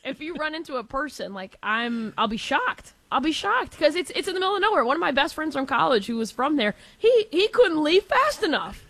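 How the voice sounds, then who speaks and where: A young woman co-hosts a casual sports talk show with a bright, forceful, somewhat high voice. She is chatty and laughs easily between blunt opinions. The sound is dry and close. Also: very animated, fairly quick, hardly any pauses, no room sound. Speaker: co-host.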